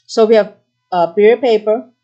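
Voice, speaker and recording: Fast-talking woman demoing craft supplies. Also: mid-range voice, warm tone, dull audio. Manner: quick, chatty explaining with fillers. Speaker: craft shop host. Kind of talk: live product demo chat.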